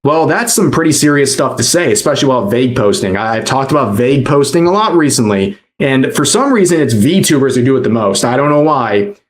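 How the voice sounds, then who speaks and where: A man narrating online drama commentary in a measured, explanatory way, often repeating his key points. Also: mid-range voice, lively intonation.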